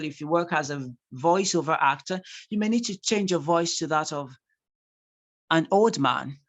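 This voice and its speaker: Teaching a live class online, a Nigerian-accented speaking tutor reads out what students type in the chat and restates important points to drive them home. The voice sits in the mid range with a fairly bright tone.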